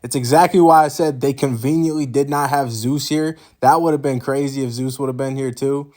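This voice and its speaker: A young man hosting a manga recap channel, telling the story in excited, slang-filled casual commentary. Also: medium pitch, brisk. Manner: excitable and slangy, often trailing off quietly.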